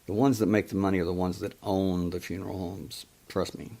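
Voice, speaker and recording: A man's voice: deep voice, little pitch movement, fairly quick, dark tone. A middle-aged man hosting a call-in talk show, telling a story in an emphatic way and quoting past conversations. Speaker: radio show host.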